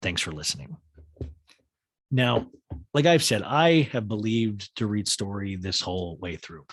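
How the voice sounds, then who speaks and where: A man's voice: lowish voice, a little slow, no room sound. A man hosting a podcast recap, chatting casually and wryly while speaking directly to his listeners. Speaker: podcast host.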